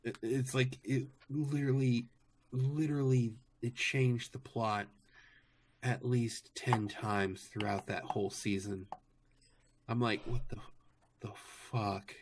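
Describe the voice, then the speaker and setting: A man's voice: mid-range voice, steady tone, slow pace, background noise. A man co-hosting a livestream in casual chat, ranting animatedly with exasperated swearing.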